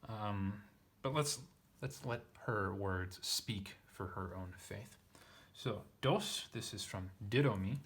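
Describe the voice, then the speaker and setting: A man's voice: lowish voice, takes it slowly, few pauses, fairly bright tone, breathy edge. A man teaching a text line by line, thinking aloud with frequent fillers and self-corrections. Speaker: Greek teacher. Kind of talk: casual lesson reading.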